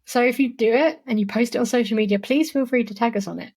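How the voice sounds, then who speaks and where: A woman's voice: on the high side, quick pace, a little mellow, slightly rough. A woman hosting a solo podcast, giving marketing advice in a chatty, encouraging way with frequent "like" and "you know". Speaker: podcast host.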